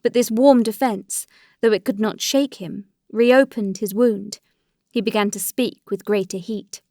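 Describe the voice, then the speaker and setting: A woman narrates a classic novel at a steady, even pace. Her voice sits at a middle pitch for a woman. The recording is dry, close and free of room sound. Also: measured pace, no room sound. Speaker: audiobook narrator.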